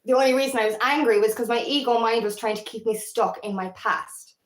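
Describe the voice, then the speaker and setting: A woman with an Irish accent talks straight to camera in a casual, rambling vlog, candid and quick to swear. Her voice sits a little high, and the room around her gives a noticeable echo. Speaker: feminine empowerment coach.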